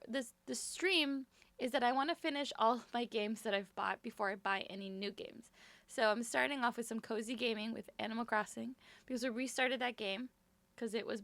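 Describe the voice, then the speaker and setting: A young woman streamer chatting casually and apologetically with her viewers from her bedroom at home, rambling from topic to topic in a brisk work voice. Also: a little high, a bit bright, no room sound. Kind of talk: casual live-stream chat.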